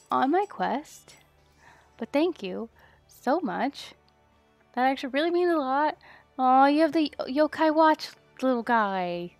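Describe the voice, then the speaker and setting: A young woman with a high voice talks her way through a game stream at an unhurried pace, muttering to herself between moments of delight. Her voice is close and dry, with soft music playing behind her. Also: no room sound. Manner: muttering to herself, then squealing with excitement. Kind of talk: casual gaming stream chatter.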